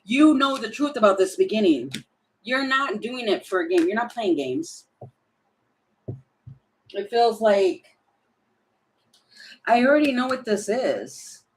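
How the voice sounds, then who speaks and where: A woman reading tarot cards for her viewers in a relaxed, talkative way, with a voice pitched a little high. She laughs often and thinks out loud between cards, as if chatting to a friend. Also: slow, long pauses, low-quality recording. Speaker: tarot reader. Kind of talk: casual tarot reading to camera.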